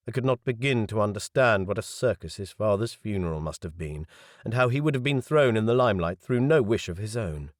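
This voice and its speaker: Wry low-voiced male audiobook narrator. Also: animated, fairly quick, no echo. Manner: wry, dry asides. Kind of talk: first-person novel narration.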